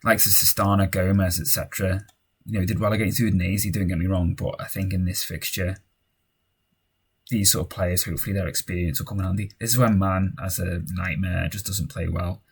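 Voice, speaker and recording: A young man casually commentating on his own football management game, cheering and shouting at goals and muttering in tense moments. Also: low voice, steady tone, a little fast, husky.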